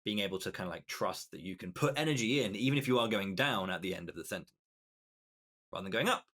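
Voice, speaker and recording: A British man with a fairly low-pitched voice, talking through his thoughts as a guest on a casual podcast. He restarts his phrases as he works his ideas out aloud. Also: animated, quick pace, a bit bright. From Britain. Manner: explanatory, restarts phrases while thinking aloud. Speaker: guest commentator.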